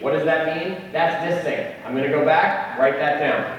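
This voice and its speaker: A man's voice: fairly high pitch, quick pace, dull audio. A man presenting a live seminar to an audience in a conference room, joking and speaking to the crowd directly. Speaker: real estate tech seminar presenter. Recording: echoey hall from far off, faint noise.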